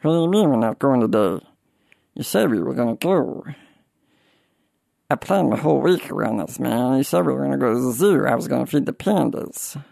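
A man's voice: animated, brisk, gravelly, warm tone, dry recording, studio quality. A man doing Meatwad, a swooping cartoon meatball boy. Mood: testy. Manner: swoops up and down in pitch. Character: meatball cartoon boy, upbeat, gets testy. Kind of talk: cartoon voice impression.

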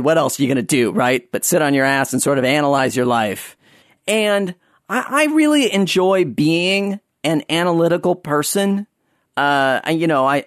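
A man hosting a solo talk show in a casual, rambling way. He is sarcastic and keeps cutting himself off mid-thought. His voice sits a little high, and the sound is dry and close. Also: no echo. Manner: rambling, sarcastic, self-interrupting. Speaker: podcast host.

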